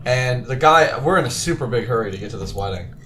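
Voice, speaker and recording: A man's voice: medium pitch, lively intonation, fast talker, sharp tone, a little hiss or hum. A man co-hosting a podcast, chatting casually and cracking jokes. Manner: joking asides and wisecracks. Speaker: podcast co-host. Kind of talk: casual chat.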